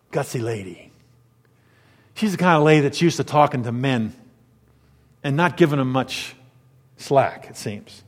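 A man preaching a sermon in a lively, conversational way, with dramatic pitch swings. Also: in a large hall. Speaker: pastor.

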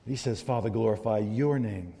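Animated male pastor in echoing hall. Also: lowish voice, moderate pace, creaky. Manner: animated, swings from loud emphasis to quiet asides. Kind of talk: sermon. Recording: long hall reverb.

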